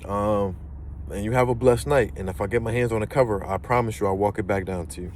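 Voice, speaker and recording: Telling a personal story in a casual way, a young man animatedly performs the voices of the characters involved. He talks fast in a voice on the low side, and there is a slight hiss or hum.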